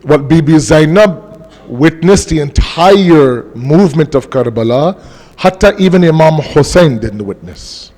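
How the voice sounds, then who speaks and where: A man with a fairly high voice preaches a mourning sermon with passion, drawing out key words to press them home. His voice carries a long reverb from a large mosque hall. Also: expressive, a little mellow. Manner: impassioned, slows down for emphasis. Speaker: majlis speaker.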